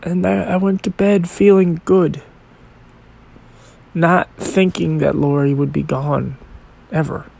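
A man with a slightly high, gravelly voice tells a personal story on his podcast. He speaks slowly and haltingly, with a reflective, emotional tone. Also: steady tone, darkish tone. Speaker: podcast host.

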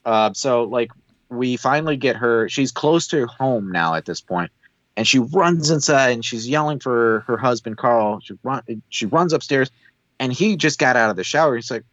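A man's voice: mid-range voice, normal speed, dry recording, lo-fi sound. A man co-hosting a podcast, animatedly recapping a TV episode and acting out what the characters say. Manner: animated storyteller who acts out quoted lines. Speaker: podcast co-host. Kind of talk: casual chat recapping a TV episode.

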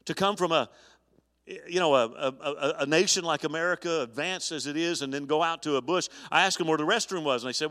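A man's voice: on the high side, fairly quick, bright, forceful tone. A middle-aged man, a pastor, preaching an earnest sermon, often restarting his sentences as he talks. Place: church sanctuary. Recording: long church reverb.

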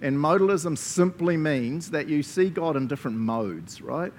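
A man's voice: on the high side, expressive, moderate pace, a little mellow, slight background noise. A man with a New Zealand accent preaching a casual sermon, joking and often laughing as he talks.

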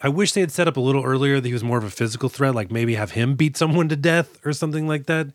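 A man's voice: medium pitch, fast talker, no echo, studio quality. A man co-hosting a casual podcast, joking around and acting out movie lines. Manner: jokey, acts out movie quotes with laughs. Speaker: podcast co-host. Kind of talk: casual chat.

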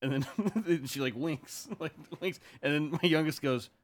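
A man's voice: on the high side, fairly even intonation, moderate pace. A man co-hosting a podcast, easygoing and laughing often as he tells stories in casual chat. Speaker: podcast co-host.

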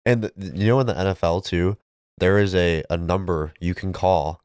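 A man's voice: low-pitched, fairly even intonation, moderate pace, a little mellow, clean tone, dry recording, clean studio sound. A man co-hosting a podcast, chatting casually and reading out news details with filler words. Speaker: podcast co-host. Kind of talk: casual chat.

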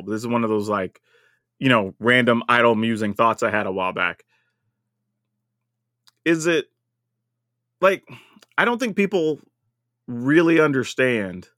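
Male podcast co-host, mid pitch, dry close mic, lively musing delivery. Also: no room sound. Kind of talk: casual chat.

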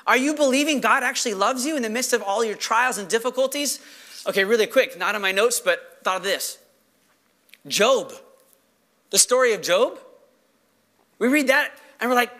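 Male pastor preaching; very high, bright, lively voice; rhetorical and animated. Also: moderate pace. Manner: animated, rhetorical questions, acts out quoted voices. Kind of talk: sermon.

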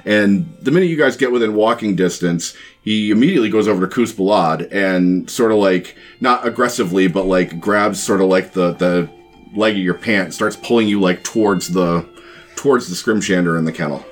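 A man's voice: low-pitched, moderate pace, soft background music. A man narrating a tabletop game as game master, rambling with lots of fillers and restarts.

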